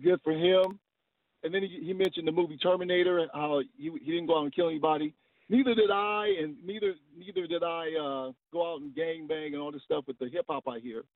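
A high, gravelly man's voice comes down a tinny phone line. He is a caller in his late fifties, earnest and halting, repeating words as he works out his point. The sound is dry and close. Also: lively intonation, no room sound. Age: 50s. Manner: earnest, repeats words while searching for phrasing. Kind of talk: call-in radio talk.

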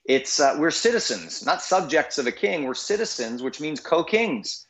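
A man's voice: a little high, very animated, moderate pace. A male guest giving earnest, emphatic interview answers.

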